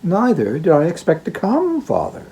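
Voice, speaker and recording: A man's voice: sits high, wildly swooping pitch, moderate pace, vocal fry, dark tone, slightly rough, muffled recording, pitched above the performer's own voice, exaggerated voice. A man voicing a playful young working-class daughter in an audiobook, teasing and bubbly. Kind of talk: audiobook reading.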